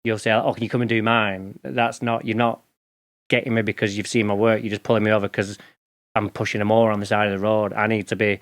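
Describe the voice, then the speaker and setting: A man's voice: on the low side, little pitch movement, fast talker. Man, middle-aged, from England, casual interview guest, informal, storytelling. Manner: chatty, storytelling, informal slang. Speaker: podcast guest, lawn care expert.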